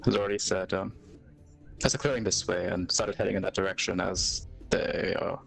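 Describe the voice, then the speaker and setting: Casting: low-voiced male player, halting delivery, faint music behind. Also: steady tone, gravelly, a bit bright, low-quality recording. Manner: hesitant, many fillers. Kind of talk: casual tabletop play.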